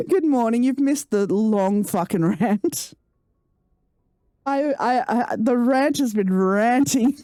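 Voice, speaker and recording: A woman's voice: a little high, expressive, takes it slowly, long pauses, dark tone, no room sound, clean studio sound. A woman live-streaming a game, ranting and swearing in casual chat with her viewers. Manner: profane, ranting, laughing.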